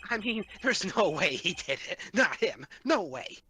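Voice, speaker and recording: A man's voice: sits high, very animated, unhurried, sharp tone, a little hiss or hum, voice pushed up, full character voice. A man voicing a jittery young male rookie lawyer who stammers and keeps insisting he is fine, with a strained, screechy voice. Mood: nervous. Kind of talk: reading game dialogue aloud.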